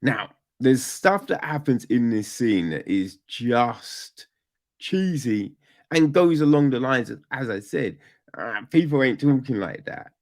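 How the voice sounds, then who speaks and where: A man casually reviewing a film on a podcast, rambling and profane, with sudden loud outbursts. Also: medium pitch, animated, slow pace.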